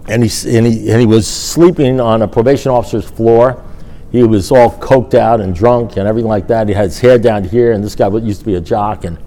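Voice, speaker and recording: A middle-aged man speaking at a recovery meeting, telling a rambling, animated personal story and acting out the dialogue. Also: fairly low pitch, fairly quick.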